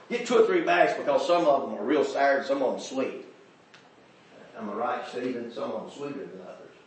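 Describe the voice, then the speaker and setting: A man preaching a sermon, calling out to the congregation and asking them questions, swinging between shouting and quiet asides. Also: medium pitch, expressive, moderate pace, echoey room. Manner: fervent, calls out to the congregation and asks them questions.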